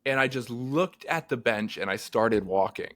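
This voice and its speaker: A man, a therapist co-hosting a podcast, talking casually and telling earnest, animated stories. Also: medium pitch, moderate pace. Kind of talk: casual conversation.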